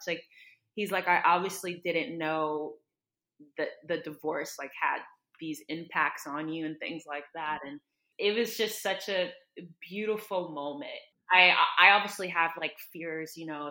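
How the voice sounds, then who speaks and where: Podcast guest: a low-pitched, bright-voiced woman who tells her story earnestly in a roomy echo. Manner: earnest, heartfelt storytelling with many "like" fillers. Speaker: podcast guest, dietitian and author. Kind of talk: casual podcast conversation.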